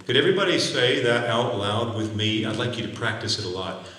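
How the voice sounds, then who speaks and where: A man's voice: medium pitch, lively intonation, brisk, recorded from a distance, a crowd in the background. Echoey man lecturing in a hall. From United States. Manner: earnest, exhortative, with acted doctor-patient examples. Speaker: physician giving a talk. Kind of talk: lecture to medical students.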